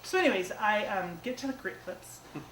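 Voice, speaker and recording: A woman performs comic stand-up storytelling on a small theater stage before a live audience, her mid-range voice lively, a bit bright, and fairly quick. She's chatty and self-mocking, peppering her talk with "like" and "you know." The distant mic captures an echoey room and audience noise.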